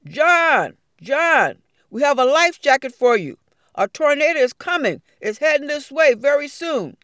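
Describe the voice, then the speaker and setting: A woman's voice: sits high, normal speed, a bit bright, no echo, clean studio sound, voice pushed up. A woman storyteller voicing a rescue worker calling out and pleading with an old man. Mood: urgent.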